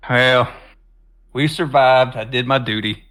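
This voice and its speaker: A man with a bright voice plays a tabletop game with friends, speaking in a relaxed, wry way. His pitch sits in the middle for a man. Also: unhurried. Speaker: player. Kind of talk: casual tabletop game play.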